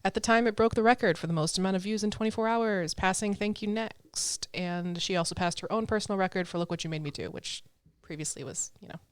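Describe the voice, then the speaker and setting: A woman's voice: medium pitch, quick pace, few pauses, clean tone, no room sound. Chatty woman podcast co-host, dry sound. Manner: chatty, reads notes, frequent ums and laughs. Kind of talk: casual chat.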